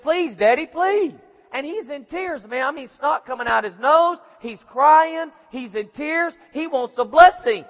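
High-voiced preacher in an echoey hall. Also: male voice. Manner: folksy storytelling, acts out voices. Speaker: pastor. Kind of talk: sermon. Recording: echoey hall, dull lo-fi sound.

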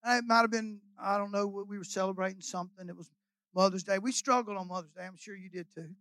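A man's voice: high-pitched, steady tone, fast, bright, forceful tone, no room sound, low-quality recording. An older man, a guest pastor preaching a sermon in a folksy, emotional, rambling storytelling way full of hallelujahs and amens.

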